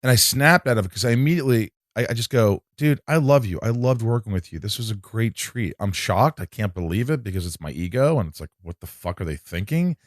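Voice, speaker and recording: A man's voice: on the low side, animated, brisk, few pauses, no room sound, clean studio sound. A man, an actor, telling a long story in casual chat, acting out quotes and swearing freely. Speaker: actor guest.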